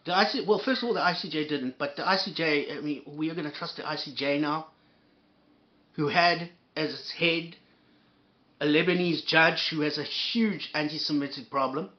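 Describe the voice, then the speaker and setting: A man with a fairly high voice rants in anger, swearing freely and heaping sarcasm and insults on his target. He trips over his words, repeating and restarting as he goes. The recording sounds dull and lo-fi. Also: normal speed. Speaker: commentator reacting to a clip. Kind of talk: angry profane ranting.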